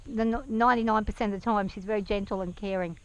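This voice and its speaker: An anxious woman talking to camera while on horseback outdoors, hesitant and soft-spoken, speaking gently to her horse, recorded on a worn action camera. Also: mid-range voice, fairly even intonation, quick pace, clear, resonant tone, no room sound, muffled recording. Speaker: nervous horse rider. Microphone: action camera worn by the rider.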